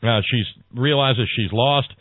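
A man's voice: mid-range voice, no room sound. A man with a mid-range voice hosts a political talk radio show. He halts and restarts, then eases into folksy jokes. His voice comes over a thin, phone-like line with a dry, close sound. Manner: halting, restarts, then folksy joke-telling.

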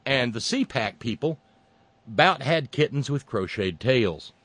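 A man hosting a sarcastic political commentary monologue, mocking and meandering with frequent pauses and restarts. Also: mid-range voice, expressive, fairly bright tone, no room sound.

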